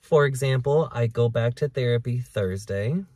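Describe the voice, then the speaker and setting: A man's voice: mid-range voice, normal speed, a little mellow, dry recording. A man hosting his own podcast, talking candidly and emotionally in a rambling, profane way. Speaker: podcast host. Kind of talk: casual personal podcast monologue.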